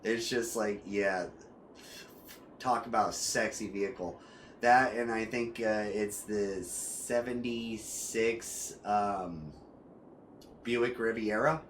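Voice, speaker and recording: A slow, lowish-voiced man narrates his gameplay stream casually, and a little hiss or hum runs under the audio. He rambles through fillers and restarts, getting loud and worked up about cars.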